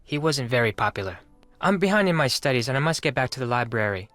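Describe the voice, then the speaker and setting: A polite teenage exchange student with a Japanese accent for a mystery video game. He speaks in stiff, careful sentences at a middle pitch, with faint music underneath. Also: sing-song, quick pace, a bit bright, dry recording. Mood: solemn. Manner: formal, careful phrasing.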